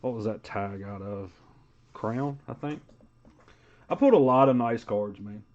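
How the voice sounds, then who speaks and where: A man's voice: lowish voice, unhurried, a little mellow, lo-fi sound. A man hosting a live sports card break, calling out player names in a casual, chatty way.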